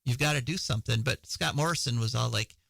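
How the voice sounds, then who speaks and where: A man's voice: mid-range voice, fast, vocal fry, a bit bright, low-quality recording. A man hosting a radio show, chatting casually through the news with frequent fillers and laughs.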